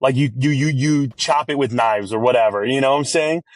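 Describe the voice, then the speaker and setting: A man who owns a restaurant, talking as a podcast guest in an energetic, rambling way and acting out his own quoted lines. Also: mid-range voice, brisk, no room sound. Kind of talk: casual podcast interview.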